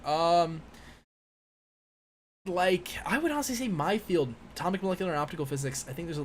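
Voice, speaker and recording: A man's voice: a little high, a little hiss or hum. A man in his twenties from the United States, hosting a casual live-stream Q&A and reading chat questions aloud. He rambles, with many fillers and restarts. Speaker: live-stream host, physics PhD student. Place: indoor room with a window.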